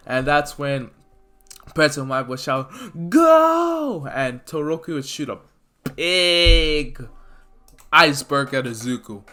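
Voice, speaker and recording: A man's voice: mid-range voice, bright, forceful tone. A man casually narrating a fan-made story, rambling with fillers and correcting himself as he goes.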